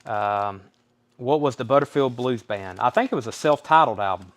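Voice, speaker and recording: A man with a Southern US accent runs a live record sale. He reels off album titles and prices in an easygoing, folksy patter at a middle pitch. Between items he calls out the names of buyers. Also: expressive, moderate pace. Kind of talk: live-stream sales patter.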